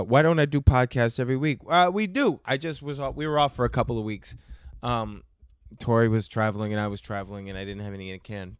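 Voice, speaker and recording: A man's voice: on the low side, smooth, no room sound, studio quality. A man hosting a podcast alone, answering listener questions in a joking, rambling, self-mocking way. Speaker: podcast host. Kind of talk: casual solo Q&A.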